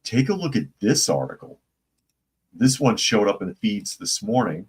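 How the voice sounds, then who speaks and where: A man's voice: on the low side, sing-song, moderate pace, husky. A man hosting a casual live-stream commentary show, opinionated and rambling, reading viewer chat comments aloud. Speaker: political commentary channel host.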